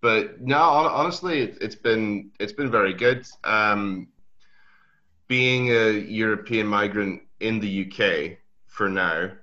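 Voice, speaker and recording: A young man from Switzerland, a native Swiss German speaker, with an Aberdeen Scottish accent and American traces, chatting as a guest in a relaxed way with many restarts. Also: fairly low pitch, slow. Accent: Aberdeen Scottish mixed with Swiss and American traces. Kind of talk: casual interview chat. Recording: dull lo-fi audio.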